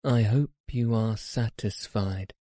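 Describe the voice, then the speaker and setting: A man's voice: on the low side, takes it slowly, mellow, no room sound, clean studio sound. A man voicing a tearful, sulky young girl in a storybook reading, speaking in a plaintive, complaining way.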